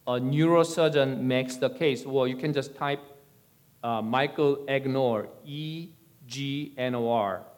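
A man giving a sermon-style teaching in a measured, deliberate way. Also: medium pitch.

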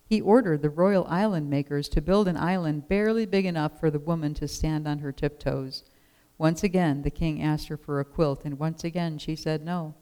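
A storyteller reading a children's picture book aloud in a gentle, expressive way. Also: medium pitch, normal speed, clean tone, low-quality recording.

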